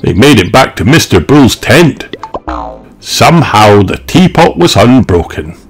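A male storyteller reading a children's picture book aloud, slow and sing-song. His pitch swoops very widely as he reads, and faint music plays underneath. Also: sing-song.

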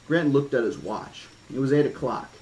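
Male audiobook reader, measured horror-toned narration, casual asides. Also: mid-range voice, a little mellow, poor audio. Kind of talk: horror-toned novel reading.

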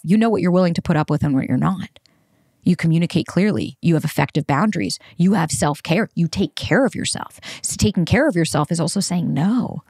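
A woman's voice: lowish voice, a little mellow, no room sound, studio quality. A woman hosting a podcast, talking in a candid, conversational way in a casual monologue. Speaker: podcast host.

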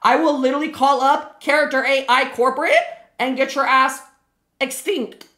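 A young woman streaming live, loud, profane and excitable, talking to her chat. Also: sits high, moderate pace. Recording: music playing under the stream. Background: background music.

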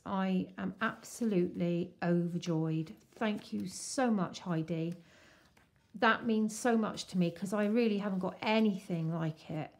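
Slow-talking woman gushing over a swap. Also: fairly low pitch. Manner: gushing, excitable, slow-paced. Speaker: crafting vlogger. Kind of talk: casual unboxing chat.

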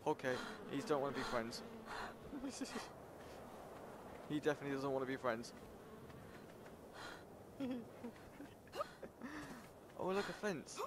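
A young man giving casual let's-play commentary, excitable and jumpy, talking to himself and yelping when scared. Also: quick pace, hardly any pauses. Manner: excitable, jumpy, talks to himself, breaks into high panicked yelps. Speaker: gameplay streamer. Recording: loud game ambience and insect noise behind.

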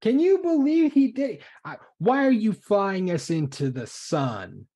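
A man voicing an indignant male figure shouting accusations from a video screen in a tabletop game. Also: on the low side, animated, measured pace, breathy edge, full character voice. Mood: incredulous.

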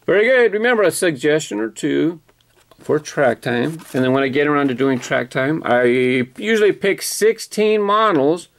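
Gravelly-voiced man chatting about collectibles. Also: on the high side, lively intonation, normal speed. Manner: chatty, self-correcting, enthusiastic about details. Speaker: toy car collector vlogger. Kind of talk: casual unboxing commentary.

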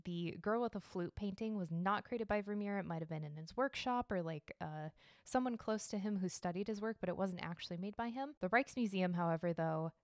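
A woman's voice: medium pitch, a little fast, no room sound, studio quality. A woman hosting her own podcast from home, talking in a chatty, rambling way and swearing freely. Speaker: podcast host. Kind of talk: casual solo podcast chat.

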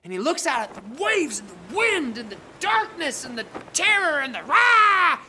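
A woman's voice: high-pitched, big pitch swings, moderate pace, pushed and bright, slight background noise. A woman telling a Bible story to children in a playful, dramatic way, full of slang and jokes. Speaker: children's ministry leader. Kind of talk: animated Bible storytelling for kids.

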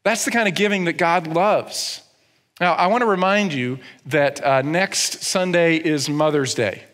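A man's voice: on the high side, unhurried, a bit bright. A male pastor giving a sermon in a conversational, humorous way, often checking in with the audience. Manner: humorous asides. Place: church. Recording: long reverb in a church hall.

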